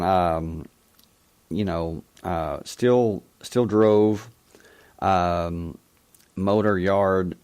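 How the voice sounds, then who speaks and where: Deep, gravelly-voiced man telling a story. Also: darkish tone. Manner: reflective, halting, with frequent restarts. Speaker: radio call-in show host. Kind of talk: personal storytelling on a talk show.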